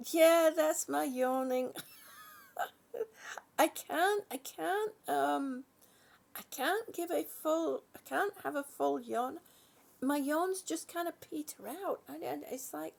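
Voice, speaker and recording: A woman with a high, gravelly voice hosts a casual livestream from her home. She greets her viewers one by one, yawns now and then and laughs easily as she loses her place in what she was saying. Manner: chatty, warm greetings, yawning, laughing, losing her train of thought. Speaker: livestream host. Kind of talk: casual live chat with viewers.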